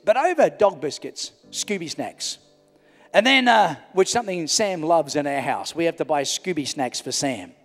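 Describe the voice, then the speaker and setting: A middle-aged male pastor preaching a sermon in a large church hall, swinging from loud to hushed. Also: sits high. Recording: reverberant church hall with music.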